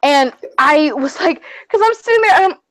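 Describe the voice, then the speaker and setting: A high-voiced woman chats casually as a co-host of a fan show. She rambles and gushes with excitable fangirl energy. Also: moderate pace, rough recording. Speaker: podcast co-host. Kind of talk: casual chat.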